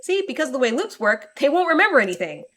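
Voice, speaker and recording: A woman streaming a game, reading its narration aloud in an expressive, dramatic way and reacting. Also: high voice, fast, a little hiss or hum. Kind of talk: let's play narration and commentary.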